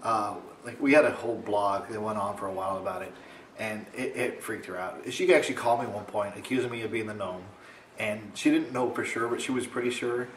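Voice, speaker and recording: A young man casually telling a funny story to his camera at home, rambling and animated. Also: fairly quick, echoey room, a little hiss or hum. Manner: rambling, animated, mimics others in high voice. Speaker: vlogger. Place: home, indoors.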